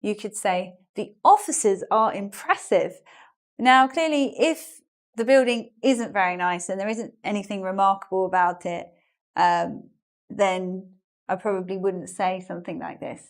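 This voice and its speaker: A woman's voice: medium pitch, a little slow. British woman doing an online english lesson, chatty, lots of examples and asides. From England. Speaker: English teacher.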